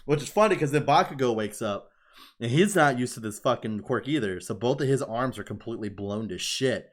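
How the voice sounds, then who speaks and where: A man co-hosting a podcast in casual chat, excited, swearing freely and filling his talk with "like". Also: mid-range voice, fairly quick. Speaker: podcast co-host.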